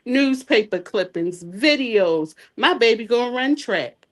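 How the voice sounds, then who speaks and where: Animated, heartfelt middle-aged woman storyteller. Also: on the high side, a little slow. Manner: animated, heartfelt, acts out dialogue. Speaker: interview guest. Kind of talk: emotional personal storytelling.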